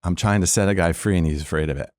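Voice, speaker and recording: A man's voice: low-pitched, racing, no echo, studio quality. A middle-aged man, a former police officer, telling a story of faith as a podcast guest and acting out the voices in it. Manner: animated storyteller, acts out quoted voices. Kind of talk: storytelling testimony.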